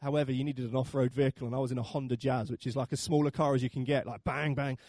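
A man in his thirties preaching a sermon and telling a funny holiday story, with lively acted quotes. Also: mid-range voice, fast, dry recording. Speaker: pastor.

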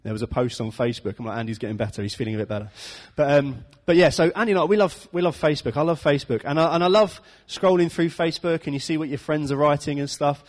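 A man preaching an informal sermon, chatty and self-deprecating, often laughing at his own stories. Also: fairly high pitch. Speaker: pastor. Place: church hall. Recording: echoey church hall.

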